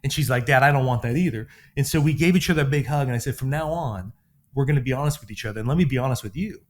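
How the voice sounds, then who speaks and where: A middle-aged man co-hosting a parenting podcast as a counselor, telling stories in a relaxed conversational way and acting out the quotes in them. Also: medium pitch, very fast. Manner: animated, acts out quotes in his stories. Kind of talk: conversational storytelling.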